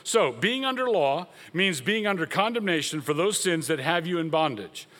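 A man's voice: fairly high pitch, lively intonation, moderate pace, a bit bright, long reverb tail. A man preaching a sermon as a pastor, speaking emphatically and rising sharply when he quotes.

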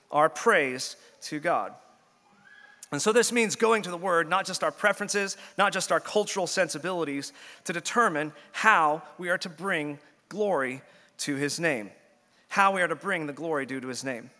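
Bright-voiced preacher in a reverberant church. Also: male voice, on the high side. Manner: earnest preaching with repeated restarts. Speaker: pastor. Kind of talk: sermon. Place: church sanctuary. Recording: long church-hall reverb.

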